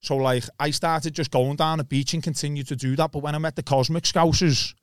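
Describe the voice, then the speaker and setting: A man with a Liverpool accent tells his story as a podcast guest, rambling and energetic, swearing freely and laughing often. His voice sits a little high and comes across smooth and clean. The sound is close and dry, with no room around it. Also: a little fast, dry recording. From Liverpool, England. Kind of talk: casual storytelling chat.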